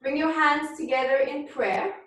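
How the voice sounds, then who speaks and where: A woman teaching a beginners yoga class, calmly cueing poses and breathing, somewhat out of breath. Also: high-pitched, normal speed. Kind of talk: guided yoga class instruction. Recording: very echoey room, voice from far off.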